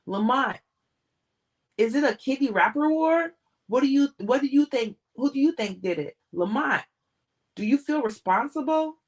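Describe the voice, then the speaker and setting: A woman reading aloud voices a pack of frantic male reporters shouting questions at a man in an airport. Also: sits high, animated, measured pace, hardly any pauses, far from the mic, pitched above the performer's own voice, full character voice. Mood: pushy, frantic.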